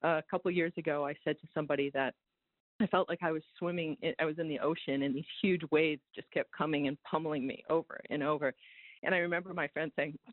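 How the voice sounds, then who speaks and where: A man's voice: a little high, fairly even intonation, quick pace, dry recording. A man on a webinar panel, sharing advice in a reflective way. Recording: tinny phone-like line.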